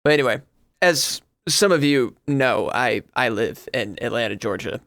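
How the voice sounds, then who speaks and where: A man's voice: medium pitch, expressive, moderate pace, fairly bright tone, no room sound, studio quality. A man co-hosting a podcast, chatting casually and rambling through stories with many restarts. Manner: rambling, self-correcting storyteller. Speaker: podcast co-host. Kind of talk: casual chat.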